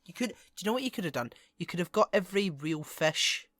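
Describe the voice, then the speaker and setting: Man, bright tense voice, joking casual chat, dry sound. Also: sits high, lively intonation, dry recording. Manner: playful, quick jokey asides. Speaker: podcast co-host.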